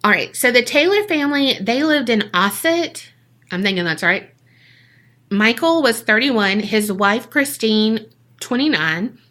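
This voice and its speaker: A woman's voice: fairly high pitch, animated, measured pace, fairly bright tone. A woman, co-hosting a podcast and telling a story in a casual, jokey way that is full of swearing. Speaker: podcast co-host.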